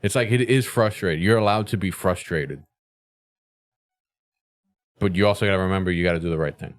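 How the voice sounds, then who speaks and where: A man's voice: low-pitched, fairly quick. A man co-hosting a podcast, chatting casually, swearing freely and often laughing. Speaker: podcast co-host. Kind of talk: casual chat.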